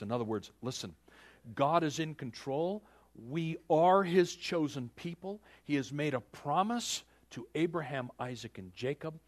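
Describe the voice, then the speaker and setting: A male preacher delivers a sermon as a lively story and speaks directly to the congregation. His voice sits slightly high and rises and falls with wide, animated swings. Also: unhurried.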